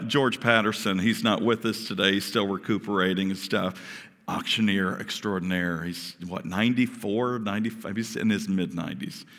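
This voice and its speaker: Male pastor, bright, conversational sermon, reverberant church hall. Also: fairly low pitch. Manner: animated, conversational, asks the congregation questions.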